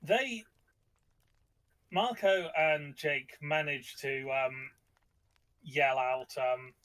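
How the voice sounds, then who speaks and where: Bright-voiced man rambling about a book. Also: fairly high pitch, very slow, clean tone. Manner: rambling, many fillers and restarts. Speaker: podcast host discussing a book. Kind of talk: casual chat.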